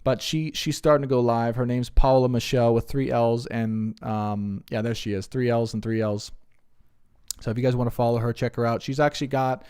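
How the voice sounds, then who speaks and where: A young spiritual reader takes questions from his live stream audience in a casual chat, his smooth, medium-pitched voice moving at a moderate pace. Earnest and prone to rambling, he gets animated while retelling stories.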